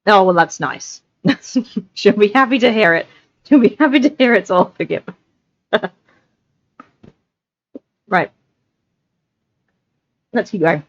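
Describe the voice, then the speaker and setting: A woman's voice: medium pitch, lively intonation, slow pace, pauses often, no echo. A woman reading a novel aloud on a livestream, chatty and scattered, with asides, over a desk mic. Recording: lo-fi livestream audio.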